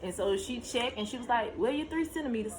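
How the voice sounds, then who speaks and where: A young woman telling her own story to camera in a casual vlog, talking straight to her viewers and jumping high in pitch when she relives tense moments. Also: animated, quick pace, slight background noise, rough recording. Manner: talks to viewers directly, shushing her child between lines.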